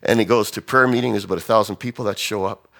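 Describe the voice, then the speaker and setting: A man preaching a sermon, telling a story in an animated way and acting out the voices. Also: fairly low pitch, fast, creaky.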